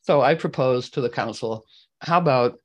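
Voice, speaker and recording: Male host, mid-pitched, rambling storyteller who keeps clearing his throat. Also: moderate pace, rough recording. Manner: meandering, clears throat often. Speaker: astrology talk host. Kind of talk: storytelling to a group.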